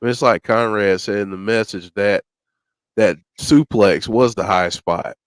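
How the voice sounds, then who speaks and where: A man's voice: fairly low pitch, a little slow, clean tone, no echo. A man co-hosting a wrestling watch-along, chatting casually and chiming in with memories and agreement. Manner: relaxed, chimes in with agreement and recollections. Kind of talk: casual chat.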